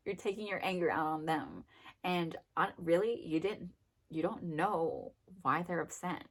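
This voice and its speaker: A woman's voice: lowish voice, lively intonation, measured pace, slightly rough. A young adult woman giving a casual, rambling self-help talk, full of fillers and acted-out quotes. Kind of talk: casual monologue.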